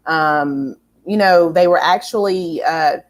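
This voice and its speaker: A woman's voice: on the low side, takes it slowly. A woman hosting a casual pop culture chat, enthusiastic and rambling, with many fillers and restarts. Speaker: host.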